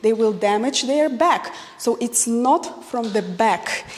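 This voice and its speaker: A woman's voice: on the high side, expressive, slow. Woman, dance instructor counting steps, reverberant studio hall. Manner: counting out moves, calling step cues. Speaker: dance teacher. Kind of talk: instructional lesson.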